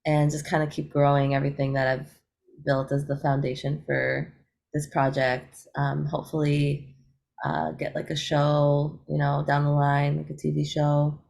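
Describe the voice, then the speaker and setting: A woman talks through an interview in a loose, upbeat way, filling gaps with fillers and quick laughs. Her voice sits low and carries a gravelly fry. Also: completely flat delivery, darkish tone. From United States. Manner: chatty, upbeat, laughs often, many fillers. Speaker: guest, eco-rapper. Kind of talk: casual interview chat.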